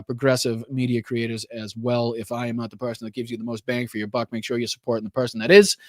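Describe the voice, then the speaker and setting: A man's voice: mid-range voice, a bit bright, no echo. Male livestream host, casual and profane, with enthusiastic spikes; mid voice, dry close mic. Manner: loose and casual, swears often. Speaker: host of a political livestream show. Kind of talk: casual livestream chat, thanking viewers.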